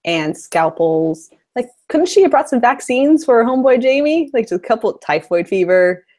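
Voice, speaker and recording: A woman's voice: a little high, expressive, normal speed, dark tone. A woman co-hosting a casual fan discussion, chatty, wry and critical. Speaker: podcast co-host.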